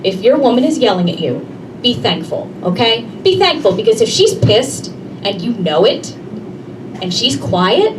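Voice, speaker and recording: Woman, stand-up comedian, brash, talks to the audience, distant mic, noisy room. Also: on the high side. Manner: brash, conversational, addresses the audience directly. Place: comedy club stage.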